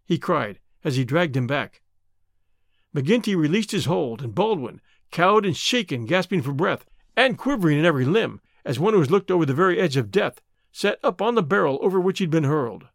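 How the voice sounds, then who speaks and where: Male narrator-host, dramatic audiobook reading, lively, slightly high, dry close mic. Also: moderate pace, vocal fry, no room sound. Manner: lively, dramatic reading that shifts pitch for dialogue. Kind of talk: audiobook reading with character voices.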